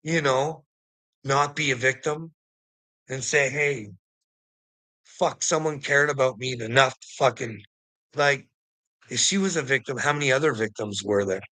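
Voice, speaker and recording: A man's voice: mid-range voice, a little slow, pauses often, bright, forceful tone, dry recording, poor audio. A man in an angry, profane commentary rant, firing off rhetorical questions and mocking taunts. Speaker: vlogger.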